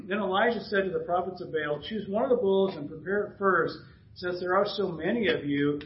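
A man preaching a sermon and reading scripture aloud, clearing his throat often and dropping casual asides between passages. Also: sits high, fairly quick, echoey room, highs cut off. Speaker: pastor. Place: church sanctuary.

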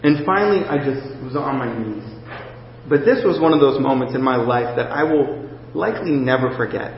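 A man preaching a sermon, telling a personal story in a halting, emotional way with many restarts, close to tears. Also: mid-range voice. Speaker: pastor. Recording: echoey hall, dull lo-fi sound, faint noise.

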